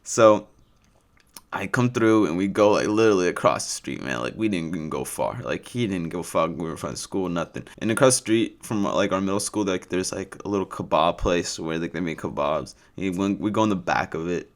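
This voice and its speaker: A man's voice: low-pitched, animated, brisk. Give me a rambling, profane young man from California telling a story. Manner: rambling and profane, full of "like" fillers. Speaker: vlogger. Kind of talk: casual storytime vlog.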